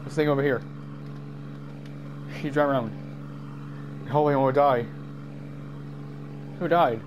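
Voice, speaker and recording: A man giving jumpy, excited commentary while playing a game, easily startled and laughing at himself. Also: medium pitch, a little slow, slight background noise. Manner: jumpy, screams and laughs at scares, self-mocking. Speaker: gamer.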